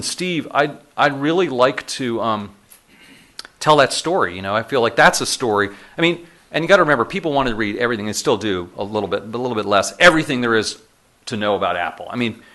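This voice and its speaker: A middle-aged man telling animated anecdotes to a live audience, often chuckling as he goes, then taking questions. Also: medium pitch. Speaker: speaker telling stories to an audience. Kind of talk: storytelling talk to a live audience. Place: lecture room with audience.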